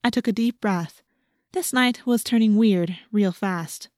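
A woman narrating a story in the first person with expressive, lively storytelling, recorded on a close studio mic. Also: mid-range voice, unhurried, no echo. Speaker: audiobook narrator.

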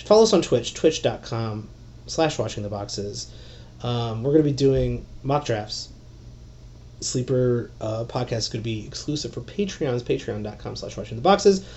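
A man hosting a solo fantasy basketball podcast, rambling and excitable, with lots of fillers and some swearing. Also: mid-range voice, normal speed, a little hiss or hum.

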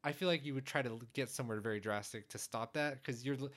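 A man's voice: mid-range voice, fast, a bit bright. A man co-hosting a casual movie chat, thoughtful and rambling, with many fillers and hedges. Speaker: podcast co-host.

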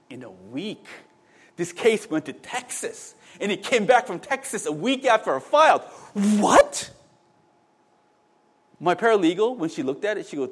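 A middle-aged man preaching a sermon in a conversational way, with asides to the congregation and many restarts. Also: sits high. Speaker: pastor.

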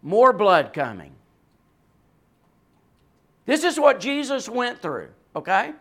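A man preaching a sermon with a voice that carries, swinging from hushed, quiet passages to loud, emphatic ones. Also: extremely high pitch, wildly swooping pitch, slow pace.

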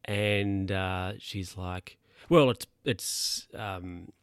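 A man's voice: low-pitched, steady tone, very slow, clear, resonant tone, dry recording, studio quality. A man casually recapping a story, rambling with lots of fillers and restarts. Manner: rambling, hesitant with many fillers. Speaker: podcast recapper. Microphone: handheld or desk mic, bumped by hand.

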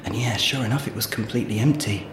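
A man co-hosting a podcast, chatty and giggly, telling a long joke. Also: fairly low pitch. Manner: chatty, giggly, drawn-out storytelling. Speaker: podcast co-host. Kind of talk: playful comedy banter and joke telling. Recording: echoey room with faint noise.

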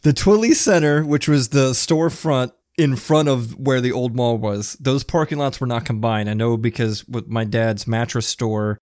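A man's voice: mid-range voice, steady tone, moderate pace, hardly any pauses, darkish tone, no room sound. Chatty man with a dry, close sound. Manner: rambling, searches for words. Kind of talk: casual chat.

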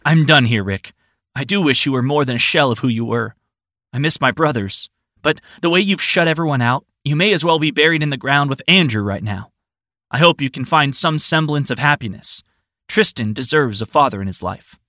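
A man's voice: medium pitch, expressive, brisk, sharp tone, no room sound, voice pushed up. A man voicing an anxious woman in an audiobook. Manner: tense and pleading. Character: anxious woman searching for her daughter.

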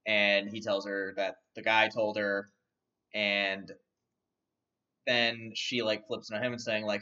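Low-voiced man rambling through a film recap. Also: little pitch movement, slow, pauses often, bright, forceful tone. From not from London. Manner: rambling, lots of fillers and restarts. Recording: dull, distant mic.

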